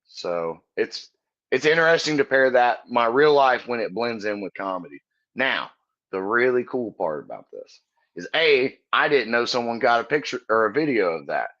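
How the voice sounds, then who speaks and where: A man's voice: mid-range voice, very animated, moderate pace, fairly bright tone, highs cut off. A comedian guest on a podcast, a man telling stories in a casual, earnest and profane way, often laughing as he talks. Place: Texas.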